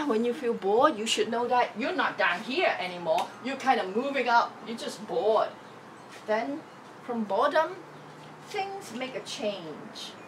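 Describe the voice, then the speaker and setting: A woman spiritual teacher giving a motivational talk, expressive and emphatic, acting out each feeling as she goes. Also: fairly high pitch, a little slow, distant mic, a little hiss or hum, low-quality recording.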